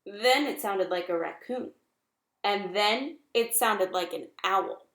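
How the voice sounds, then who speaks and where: Storybook owl, male, screechy and alarmed, read by a woman; raised pitch, echoey room. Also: slow, fairly bright tone. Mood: puzzled.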